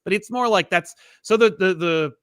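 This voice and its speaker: A man hosting a casual chat about comics, animated, often restarting sentences and acting out quoted lines. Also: high voice, normal speed, smooth, dry recording, studio quality. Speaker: podcast host.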